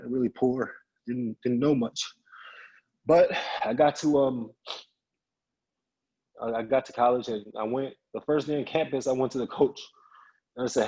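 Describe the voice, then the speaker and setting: A man from Chicago, a guest speaker telling a personal story in an animated way and acting out the voices of the people in it. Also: mid-range voice, moderate pace, long pauses, slightly rough, highs cut off. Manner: animated, acts out quoted voices of family and friends.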